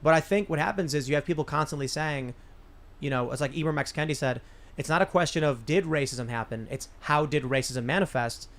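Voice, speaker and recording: A man's voice: a little high, brisk, fairly bright tone. A man hosting a podcast, telling a long personal story in casual political talk, often restarting his sentences. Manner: rambling storyteller with frequent restarts. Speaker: podcast host.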